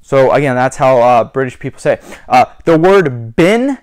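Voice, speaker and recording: A man making a casual how-to vlog, chatty and repetitive, slowly spelling out and demonstrating words. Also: mid-range voice, animated, darkish tone. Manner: chatty, repeats "you guys" and "so again". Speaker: YouTuber.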